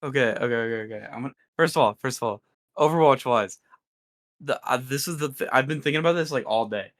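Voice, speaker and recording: Young guy co-host, casual gamer rant, filler-heavy and excitable, mid-pitched voice. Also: fast talker. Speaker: podcast co-host. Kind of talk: casual podcast chat.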